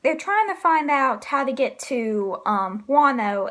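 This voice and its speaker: A woman with a high voice gives a casual spoken review of manga chapters. She talks slowly and rambles, full of ums and likes, and she laughs often. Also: sing-song.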